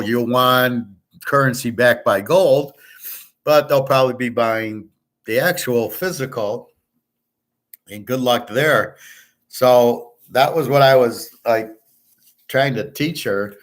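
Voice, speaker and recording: A man talks in a loose, rambling monologue, blunt and boastful. He swears freely and acts out both sides of the conversations he retells. His voice sits at an ordinary middle pitch for a man. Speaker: host of a sports picks show.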